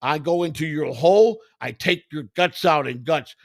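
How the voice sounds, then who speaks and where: A man with a gravelly voice and a fairly high pitch, telling a profane story on a podcast. His delivery is loud and animated. The recording is close and dry. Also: normal speed, dry recording. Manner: profane, animated, acts out other people's voices in quotes. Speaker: podcast host. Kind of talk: crude comedic storytelling.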